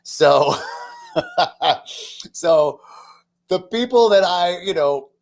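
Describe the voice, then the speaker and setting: A man telling a personal spiritual story in an earnest, emotional way. He is casual and chatty with self-mocking asides, and he drops to soft, near-whispered passages before rising loud again. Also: sits high, animated, very slow, creaky. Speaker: spiritual talk host.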